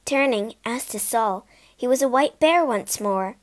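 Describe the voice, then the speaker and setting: A woman reads a fairy tale aloud as narrator. Her pace is slow and careful, and her slightly high voice stays expressive. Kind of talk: storybook read-aloud.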